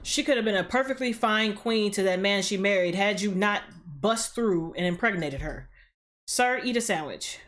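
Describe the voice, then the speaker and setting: A woman hosting a reaction video, recapping an episode in an animated, slangy, profane way. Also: mid-range voice, normal speed, faint music behind.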